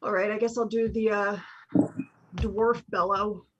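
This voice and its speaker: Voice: medium pitch, level tone, fast, very noisy. Rambling tabletop player on a lo-fi mic. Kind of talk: comedic tabletop role-play.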